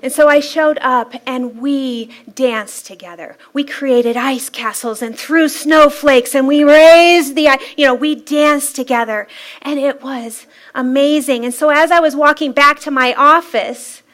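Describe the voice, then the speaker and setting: A woman with a high, light voice gives a Sunday talk from the front of a church. She tells stories in a lively, playful way and laughs often between her points. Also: a little slow. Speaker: spiritual practitioner giving a Sunday talk. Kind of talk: inspirational sermon-style talk. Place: church sanctuary.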